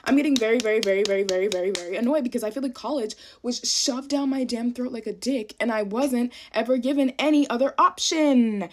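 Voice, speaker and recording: A woman's voice: on the high side, brisk, hardly any pauses. A young woman, a college student, in a profane, self-deprecating rant to camera while getting ready. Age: young adult.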